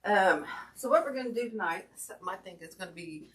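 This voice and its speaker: A woman's voice: medium pitch, lively intonation, fast talker, fairly bright tone. A woman hosting a casual craft livestream from home, chatty and apologetic, greeting viewers by name and a little out of breath. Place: indoor home craft room. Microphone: camera mic at a distance. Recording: distant mic with audible background noise.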